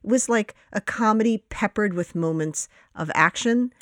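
A woman's voice: mid-range voice, moderate pace, no echo, studio quality. A woman co-hosting a casual film review podcast, blunt and opinionated, with the odd swear. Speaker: podcast co-host.

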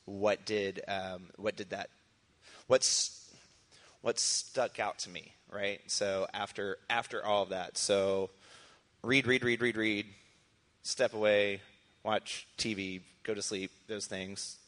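A man preacher answering questions in church, relaxed and a little hesitant as he talks through his study habits. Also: fairly low pitch, slow.

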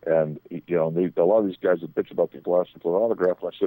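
A man's voice: sits low, steady tone, very fast, few pauses, dark tone, dry recording, rough recording. An older man, a sports agent, telling rambling anecdotes on a radio talk show, often restarting his sentences.

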